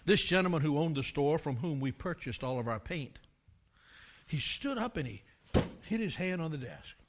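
An older man preaching a sermon, telling a story from his years as a pastor and rising to loud, emphatic climaxes. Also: a little high, animated, normal speed, heavy background noise.

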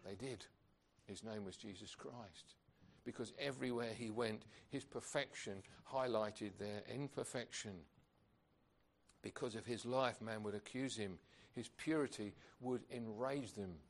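A man's voice: lowish voice, unhurried. A man preaching a sermon, earnest and emphatic, asking rhetorical questions of his congregation.

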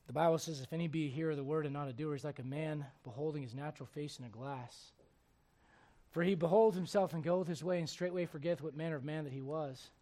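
A man preaching a sermon who swings between quiet, conversational asides and loud, emphatic exhortation, acting out the voices he quotes. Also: a little high, quick pace. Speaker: pastor.

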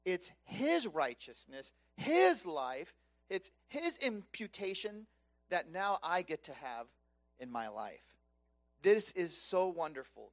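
A man preaching a sermon, impassioned and conversational, swinging between loud emphatic peaks and soft hushed lows. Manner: conversational, casual asides.

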